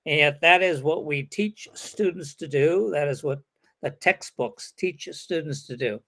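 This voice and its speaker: A man's voice: on the high side, unhurried, a bit bright. A man leading an interactive teacher-training lecture, calling on participants and acting out hesitant replies. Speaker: workshop lecturer.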